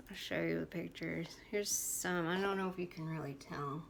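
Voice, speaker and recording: A woman's voice: fairly low pitch, normal speed, gravelly, hardly any pauses, slight background noise. A woman in her twenties telling a personal story to camera in a frank, chatty way, with many fillers and restarts. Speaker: vlogger.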